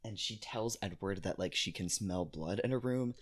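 A woman's voice: very deep voice, normal speed, a loud crowd. A young woman co-hosting a casual book discussion, making wry, matter-of-fact comments. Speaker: podcast co-host.

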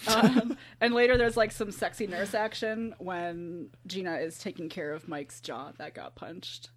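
A woman's voice: lowish voice, fairly even intonation, measured pace, a little hiss or hum. Chatty woman podcaster, laughing. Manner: chatty, laughing, crude jokes. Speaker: podcast co-host. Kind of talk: casual chat, recapping a book.

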